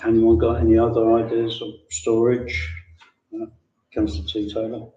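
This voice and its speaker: A man chairing a council committee meeting in a brisk, procedural way. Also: mid-range voice, completely flat delivery, warm tone, lo-fi sound. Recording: echoey room, distant mic.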